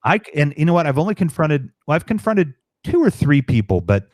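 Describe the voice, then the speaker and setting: A man's voice: on the high side, sing-song, a little fast, dry recording, studio quality. A man from Chicago telling rambling, profane stories in a casual live-stream chat. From Chicago, USA.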